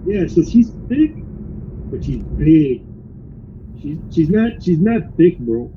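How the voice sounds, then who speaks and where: A man in a car tells a story in a casual, animated way, throwing "bro" into nearly every sentence. His voice sits a little high for a man, and it comes through muffled and a bit lo-fi, with a light hiss behind it. He acts out the people he talks about as he goes. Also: takes it slowly. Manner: animated retelling with constant "bro". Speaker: rideshare driver. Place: inside a car.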